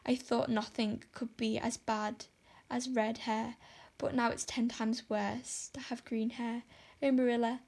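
A woman's voice: fairly high pitch, level tone, a little slow, creaky, hardly any pauses, a little mellow, a little hiss or hum. A woman reading as a melodramatic despairing girl. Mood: wretched. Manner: melodramatic, pleading, overwrought. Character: dramatic, despairing young girl. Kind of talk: audiobook character voice.

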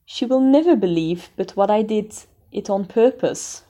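A woman's voice: medium pitch, expressive, moderate pace, mellow, close to an everyday voice. Woman playing a melodramatic tearful girl. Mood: plaintive. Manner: wailing, melodramatic. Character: dramatic, tearful young orphan girl.

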